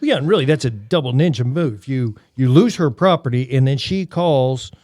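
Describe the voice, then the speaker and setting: A man's voice: mid-range voice, expressive, a little mellow, no echo, studio quality. A man hosting a podcast in casual chat, prompting his co-host with easygoing remarks. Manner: easygoing, prompting the guest with quick comments.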